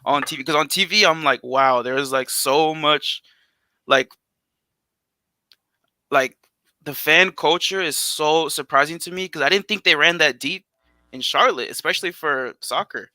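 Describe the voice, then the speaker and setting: A man's voice: fairly high pitch, measured pace, long pauses, dry recording. A man co-hosting a casual podcast, talking animatedly with lots of "like". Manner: animated, heavy use of "like". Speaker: podcast co-host.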